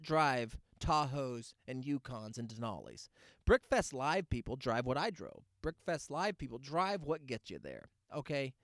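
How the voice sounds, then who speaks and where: A man's voice: mid-range voice, sing-song, unhurried, a bit bright, dry recording, studio quality. A man hosting his podcast, telling a ranting, sarcastic comic story. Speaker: podcast host. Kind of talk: comedic podcast monologue.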